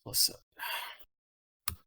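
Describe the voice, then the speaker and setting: A man's voice: extremely slow, bright, forceful tone. A man playing in a tabletop game, easygoing and rambling as he thinks aloud about his moves. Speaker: player. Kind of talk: casual tabletop game play.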